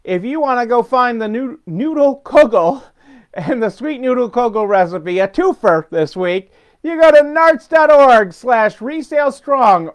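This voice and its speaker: A chatty middle-aged man hosts a weekly business update with a high, smooth and resonant voice. He rambles through his points with fillers and restarts, chuckling along the way. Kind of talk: casual unscripted talk.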